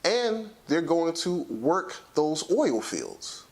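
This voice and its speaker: A man hosting a talk show, giving a lecturing, emphatic commentary and slowing down to stress his points. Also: on the high side, sing-song.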